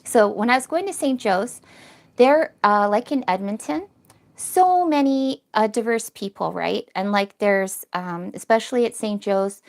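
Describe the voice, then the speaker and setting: Gravelly-voiced teary woman livestreaming. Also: mid-range voice, lively intonation, a little slow. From Canada. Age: middle-aged. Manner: emotional, rambling, talks to chat viewers. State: teary, recently crying. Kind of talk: casual live-stream chat. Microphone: cheap phone.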